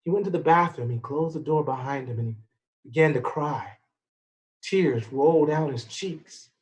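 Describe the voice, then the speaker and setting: A man telling a folk-style story with expressive, dramatic pacing. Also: medium pitch, normal speed. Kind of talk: storytelling performance.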